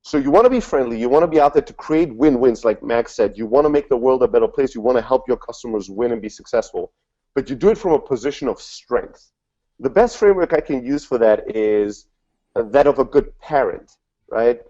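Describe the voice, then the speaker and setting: Fast-talking man giving a panel talk. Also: mid-range voice. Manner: energetic, lots of "like" and "you know" fillers. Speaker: panel speaker. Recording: dull lo-fi event recording.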